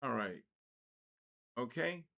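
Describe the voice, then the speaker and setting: A man's voice: medium pitch, very animated, slow, creaky, pushed and bright. Chatty older man hosting a trading stream. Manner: chatty, talks to chat viewers by name, repeats "okay" and "so basically"; plainly exasperated by rude comments, rising and complaining. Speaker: trading livestream host. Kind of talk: live trading session chat.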